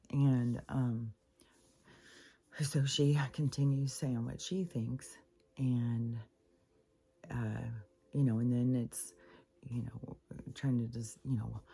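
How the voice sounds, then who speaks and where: Older woman, gravelly and husky, dark mellow voice, rambling, venting, swearing. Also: very deep voice, flat delivery, slow pace, pauses often. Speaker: spiritual vlogger. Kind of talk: rambling personal monologue.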